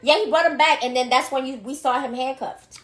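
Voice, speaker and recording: A woman co-hosting a podcast, excitedly retelling a movie plot with plenty of swearing. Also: sits high, a little fast, reverberant, a little hiss or hum. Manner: excited, profane storytelling. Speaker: podcast co-host. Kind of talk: casual chat recapping a movie.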